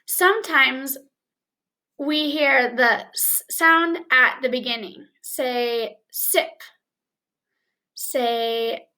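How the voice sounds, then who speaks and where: A woman teaching a phonics lesson to young children, speaking clearly and encouragingly and slipping in short Spanish translations. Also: high-pitched, sharp tone. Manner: slow, clear, encouraging classroom delivery with bits of Spanish.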